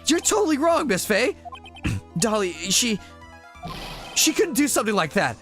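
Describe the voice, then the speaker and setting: A man's voice: high-pitched, sing-song, measured pace, music in the background, voice pushed up. A man voicing an earnest young male defense lawyer, pleading and protective.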